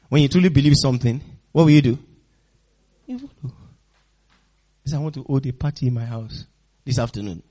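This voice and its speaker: A man's voice: on the high side, animated, moderate pace, pauses often. A man preaching a sermon as pastor, emphatic and calling for responses from the congregation, often laughing. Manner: laughs often, swings loud and soft.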